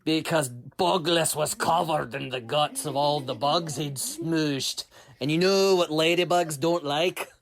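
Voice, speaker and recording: A man's voice: fairly high pitch, a little slow, vocal fry. A man telling a children's story in a playful manner, often laughing as he goes.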